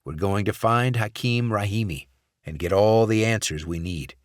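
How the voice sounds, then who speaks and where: A man voicing a cold, ruthless male covert operative who speaks in a calm, clipped, controlled way. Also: on the low side, moderate pace, no room sound, clean studio sound, natural voice. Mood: explaining.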